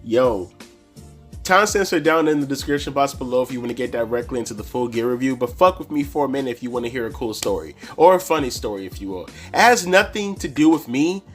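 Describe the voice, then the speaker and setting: A man telling a casual, profane story to camera as a wrestling reviewer, animated and full of slang. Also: mid-range voice, quick pace, soft background music.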